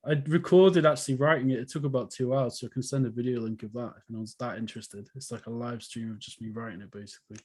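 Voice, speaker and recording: A man's voice: medium pitch, fairly even intonation, quick pace, few pauses, a little mellow. A man from the UK chatting casually in a group video call, rambling and laughing often as he talks about his story. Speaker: author reading his story.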